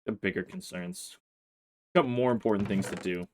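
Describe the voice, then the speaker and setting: A man's voice: lowish voice, normal speed, slight background noise. Grumbling man narrating his gameplay. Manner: exasperated, grumbling, talks to his in-game horse. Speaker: let's play host. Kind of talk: casual gameplay commentary.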